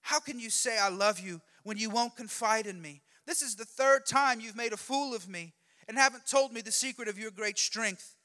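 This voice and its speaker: A shrill, nagging young woman, as a preacher puts her on, pressing and loud with a bright, sharp edge. Her raised, insistent voice rings out with a long hall reverb behind it. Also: normal speed.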